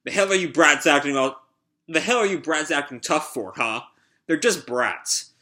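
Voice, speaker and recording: Fierce loyal young heroine, a man reading the lines, sharp bright voice. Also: a little high, normal speed. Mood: defiant. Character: fierce loyal young woman defending her pet.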